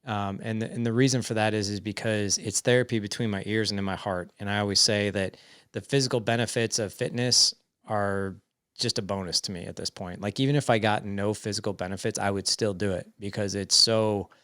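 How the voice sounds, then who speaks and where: A man in his forties tells casual stories as a podcast guest, animatedly acting out conversations with his family. His voice is on the low side and fairly quick. The studio sound is dry and clean.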